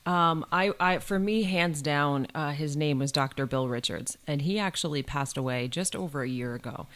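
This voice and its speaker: A woman's voice: low-pitched, normal speed, fairly bright tone. A middle-aged woman from New York State speaks as a college provost in a campus podcast interview. She tells her story with energy and acts out the voices of the people she quotes.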